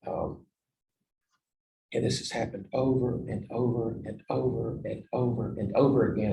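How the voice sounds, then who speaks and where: A man giving a storytelling presentation on negotiation, swinging between loud emphasis and quiet asides. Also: on the low side, creaky. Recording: echoey room, distant mic.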